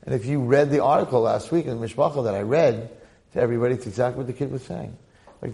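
A man gives a Torah class, his voice gravelly and mid-pitched. He tells the story energy, repeating phrases and acting out the quotes. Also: fast, mellow. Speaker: rabbi teaching the weekly Torah portion.

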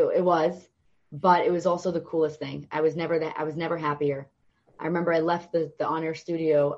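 Low-voiced and captured on a muffled recording, a young woman guesting on a podcast tells conversational stories. She brings them to life by performing the voices of the people she quotes.

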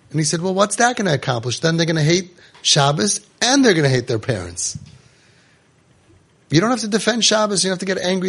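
A rabbi tells stories within stories to his audience, asking questions and mixing in Yiddish and Hebrew. His voice is husky and sits a little high. He talks the way a teacher does in a class. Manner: animated storyteller, Yiddish-laced, rhetorical questions. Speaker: rabbi giving a Torah talk. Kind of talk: storytelling Torah class.

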